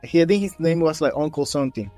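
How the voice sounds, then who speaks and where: A man hosting a podcast, telling a story in a lively way and acting out the quotes. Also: fairly high pitch, quick pace, faint music behind. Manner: animated storyteller, acts out quotes in raised voices. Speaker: podcast host. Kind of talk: casual interview chat.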